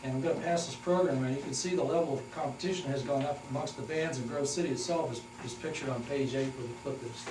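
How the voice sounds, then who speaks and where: An older man giving a folksy talk to a local historical society, halting often with fillers as he reminisces. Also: medium pitch. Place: hall at a historical society meeting. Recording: echoey room, distant mic, noisy.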